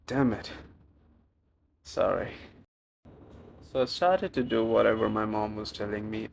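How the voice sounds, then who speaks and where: A cooking vlogger with a lowish, gravelly voice narrates his own vlog in a chatty, self-mocking voice-over. He has a non-native English accent, and a little hiss or hum sits under the audio.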